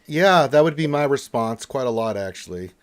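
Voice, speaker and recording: A man's voice: mid-range voice, expressive, normal speed. A man hosting a casual gaming livestream, reading out chat messages in a chatty way, with frequent laughs and fillers. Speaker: livestream host.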